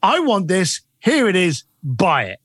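A man's voice: high-pitched, a little slow, slightly rough, dry recording, clean studio sound. A man being interviewed as a guest author and coach, telling stories animatedly and acting out the dialogue. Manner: animated, acts out quoted dialogue. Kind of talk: interview storytelling.

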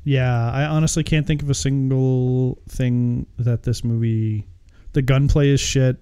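A man's voice: mid-range voice, fairly even intonation, a little slow, mellow, clear, resonant tone. A man chatting casually about a movie, rambling and swearing, often laughing as he talks.

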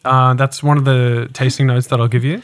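A man's voice: mid-range voice, little pitch movement, brisk, clear, resonant tone. Swearing, laughing Australian man. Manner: laughs often, swears freely, rants. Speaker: podcast co-host. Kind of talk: casual tasting chat.

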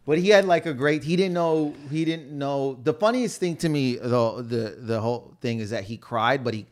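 A man's voice: medium pitch, moderate pace. A young man from Canada, co-hosting a casual chat, telling rambling family anecdotes with many restarts, trailing fillers and laughs.

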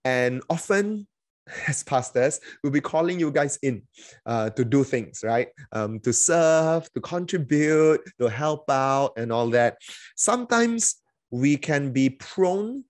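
A man preaches a sermon as a pastor, chatty and full of fillers, restarts and little acted-out quotes. His voice sits in an ordinary middle pitch and the recording is dry and close, with no room sound. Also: expressive, slow pace, darkish tone, dry recording.

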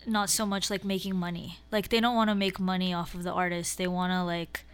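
A woman's voice: on the low side, flat delivery, a little fast, smooth. A woman with a congested voice, a musician guest in casual interview chat who fills her speech with "like". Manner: chatty, lots of "like".

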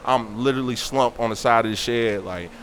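A man's voice: medium pitch, brisk, slight background noise. A young man telling a story in casual talk, acting out the voices of the people in it. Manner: animated, acts out quoted voices.

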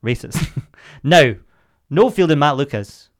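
A man co-hosting a podcast, chatting casually and joking, dropping into quick put-on voices. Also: a little high, lively intonation. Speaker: podcast co-host. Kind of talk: casual chat.

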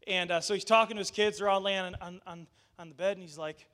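High-voiced pastor preaching a lively sermon. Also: male voice, quick pace, few pauses. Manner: animated, addresses the congregation directly; conversational asides with restarts.

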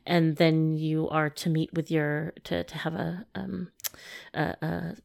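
A woman co-hosting a podcast, chatting playfully and joking, with halting restarts. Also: sits low, flat delivery, vocal fry, a little mellow. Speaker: podcast co-host. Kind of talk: casual chat.

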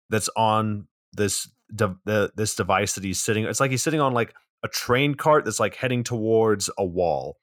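A man co-hosting a podcast, casually recapping a movie in a rambling, relaxed way with some swearing. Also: fairly low pitch, dry recording, studio quality. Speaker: podcast co-host.

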